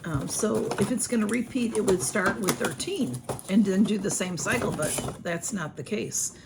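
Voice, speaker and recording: Gravelly-voiced chatty woman. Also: medium pitch, moderate pace, very noisy. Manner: chatty, rambling, many ums and restarts. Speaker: vlogger. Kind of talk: casual unboxing chat. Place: home room with a ring light.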